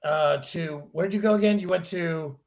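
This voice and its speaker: A man's voice: on the high side, normal speed, darkish tone, dull audio. A man hosting a podcast in casual chat, joking loosely and swearing freely. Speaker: podcast host.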